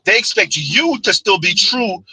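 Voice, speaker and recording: A man in casual chat who tells animated stories and fires rhetorical questions. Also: high voice, a little slow, slightly rough, no echo, low-quality recording. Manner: animated storyteller, rhetorical questions, laughs often.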